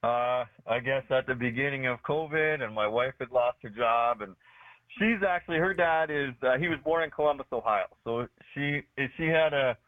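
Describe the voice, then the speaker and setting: A man's voice: medium pitch, normal speed, dry recording. A man from Canada with a Canadian accent, calling into a radio show as a guest, modest and plain-spoken with a dry sense of humor. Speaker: guest, pool maintenance business owner. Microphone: phone call into the studio. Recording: tinny phone line.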